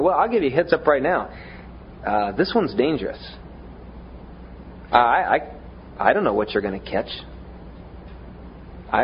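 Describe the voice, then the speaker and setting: A man's voice: a little high, muffled recording, a little hiss or hum. A man preaching a sermon in a conversational way, often stumbling over repeated words, with self-deprecating humor.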